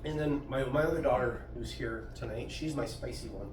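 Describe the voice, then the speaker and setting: A middle-aged man performs a stand-up set on a comedy club stage in front of an audience, his medium-pitched voice moving a little fast. His storytelling is crude and self-deprecating. He's picked up from afar, so the club sounds roomy, echoey and noisy.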